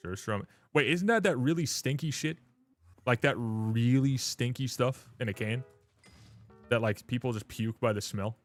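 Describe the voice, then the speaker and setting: A man's voice: mid-range voice, normal speed, faint music behind. A man chatting loosely on a live stream. He swears freely, laughs often and keeps calling people dude and brother. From Canada. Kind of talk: casual live-stream chat.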